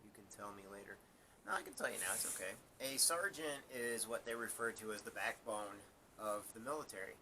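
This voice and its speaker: A man's voice: medium pitch, brisk, sharp tone, slight background noise. A man who is a former Marine sergeant, telling a rambling story on a live stream with repeated words and laughter.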